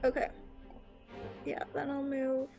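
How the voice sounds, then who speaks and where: A woman at a tabletop game speaks hesitantly and fills her pauses with ums. Her voice is very high and she talks slowly. Faint music plays behind her. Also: monotone, creaky. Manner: hesitant, unsure, many ums. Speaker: player.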